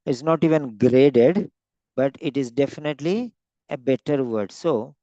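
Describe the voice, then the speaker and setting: A man teaching vocabulary in an online lesson, slowly repeating and stretching out each word for emphasis. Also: mid-range voice, warm tone, no room sound, dull audio. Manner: slow, repeats words, stretches them out to stress them. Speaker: English teacher.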